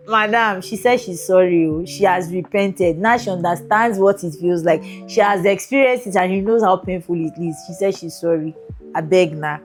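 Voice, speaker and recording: A woman podcast host who reads a listener's letter aloud and adds expressive comments, often laughing between passages. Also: fairly low pitch, normal speed, faint music behind.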